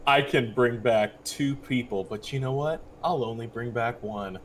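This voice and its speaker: A man playing a tabletop game, speaking hesitantly with many pauses and fillers. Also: medium pitch, slight background noise. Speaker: player. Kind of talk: casual tabletop game chat.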